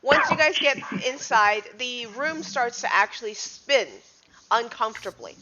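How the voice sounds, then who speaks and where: A woman's voice: a little high, a little slow, crowd noise. A woman narrating as game master of a tabletop superhero game, easygoing and laughing along with her players. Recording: dull lo-fi podcast audio.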